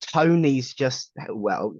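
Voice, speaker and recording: A man's voice: mid-range voice, animated, very slow, a little mellow, slightly rough, dry recording. A jokey man co-hosting a morning show, laughing easily and now and then putting on a radio-DJ patter. His voice sits in the middle range. The recording is dry and a little dull. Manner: jokey, laughs often, slips into a radio-DJ delivery. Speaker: co-host of a live psychic show. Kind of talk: casual morning-show chat.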